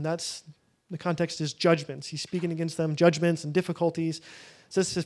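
A man's voice: on the high side, flat delivery, normal speed, a little mellow. A young man leading a prayer-room teaching, talking casually with lots of fillers, restarts and self-deprecating asides, into a podium microphone. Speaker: prayer leader.

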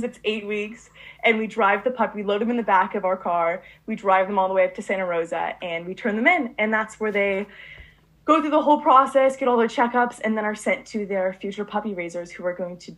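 A teenage girl in her late teens, a student who breeds puppies, tells a long story eagerly in an interview. Her medium-pitched voice is a bit bright, and she rambles with frequent fillers and restarts.

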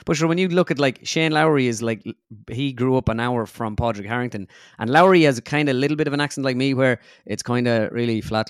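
Easygoing man with a flat Irish midlands accent. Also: medium pitch, quick pace, hardly any pauses, clean tone, dry recording, clean studio sound. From middle of Ireland. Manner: rambling, self-correcting, easygoing. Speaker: guest, comedian and impressionist. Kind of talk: casual interview chat.

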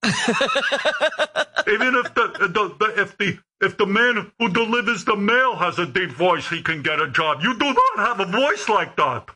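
A man's voice: sits high, very animated, measured pace, pushed and bright, breathy edge, voice pushed up, exaggerated voice. A man putting on the voice of his blunt father, who lectures in a stammering way. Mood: scolding. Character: scolding dad of a young man, blunt.

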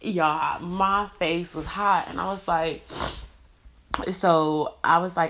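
A woman's voice: fairly low pitch, steady tone, measured pace, fairly bright tone. A woman telling a personal story to the camera in a casual storytime monologue, blunt and profane, with many "like" and "you know" fillers.

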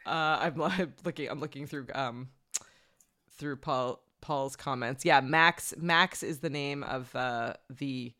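Rambling mid-pitched podcast co-host. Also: takes it slowly, sharp tone. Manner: rambling, many "like" and "um" fillers. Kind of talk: casual movie review chat.

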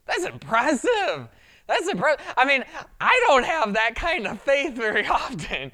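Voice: high voice, wildly swooping pitch, unhurried, sharp tone. A pastor preaching a sermon in a conversational way, acting out quotes along the way.

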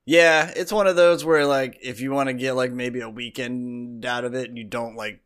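A man's voice: mid-range voice, steady tone, normal speed, a bit bright, clear, resonant tone. A man co-hosting a podcast, telling a long story in casual chat, full of fillers and asides. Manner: rambling storytelling with many fillers. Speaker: podcast co-host.

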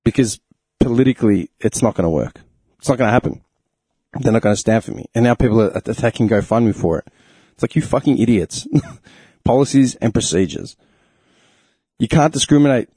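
A man's voice: mid-range voice, expressive, fairly quick, pauses often, mellow, slightly rough, no room sound. A young Australian man hosting a podcast, ranting bluntly and indignantly, with heavy swearing. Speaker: podcast host. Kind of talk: casual opinion rant.

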